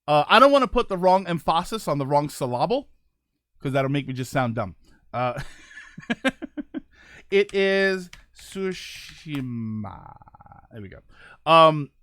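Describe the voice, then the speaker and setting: A man's voice: fairly high pitch, a bit bright, no room sound, clean studio sound. A young man hosting a casual gaming talk show, rambling with lots of fillers and restarts. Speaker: podcast host.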